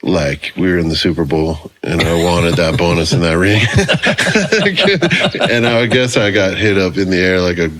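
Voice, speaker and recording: A man, a former pro football player, appearing as a podcast guest and telling vivid anecdotes in a relaxed way. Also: low voice, unhurried. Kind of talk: casual chat.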